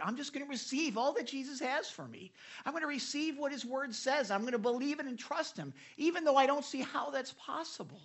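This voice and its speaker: Bright, animated preacher. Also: high voice, brisk. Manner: animated storytelling with frequent repeated starts; speaks directly to listeners with questions. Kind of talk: devotional sermon.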